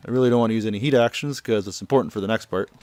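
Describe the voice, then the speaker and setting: A man's voice: on the low side, racing, a little mellow, soft background music. A man giving offhand, rambling commentary over gameplay, translating the dialogue as he goes. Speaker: let's play commentator.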